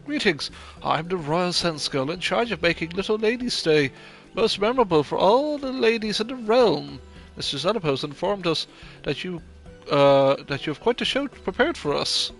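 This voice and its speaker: A man's voice: sits high, moderate pace, soft background music, voice pushed down. A man voicing a polite, formal female festival organiser in his own voice. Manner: polite formal greeting, flat reading.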